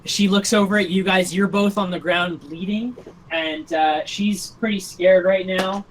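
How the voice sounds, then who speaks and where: A man's voice: high voice, fairly even intonation, a little slow, a little hiss or hum, low-quality recording. A young man narrating a tabletop game as game master on a voice call, rambling with lots of ums and likes.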